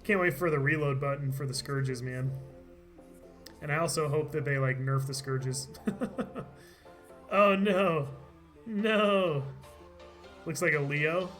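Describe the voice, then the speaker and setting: A man's voice: mid-range voice, steady tone, normal speed, fairly bright tone, faint music behind. A man streaming a game live, chatting casually and laughing often, his voice tired from talking all day. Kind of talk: live gameplay commentary.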